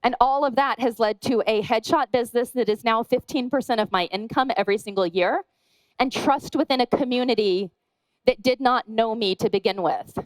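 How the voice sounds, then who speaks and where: Woman speaker, fairly high voice, chatty and self-mocking conference talk, dry close sound. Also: normal speed, dry recording, rough recording. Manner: chatty and self-deprecating, acts out dialogue. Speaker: wedding photographer giving a talk.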